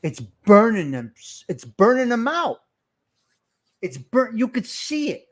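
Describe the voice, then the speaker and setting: A man's voice: high-pitched, big pitch swings, takes it slowly. A middle-aged man, hosting a live stream and ranting in a heated, profane way while calling out to his chat. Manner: fired-up, profane, shouting out to chat.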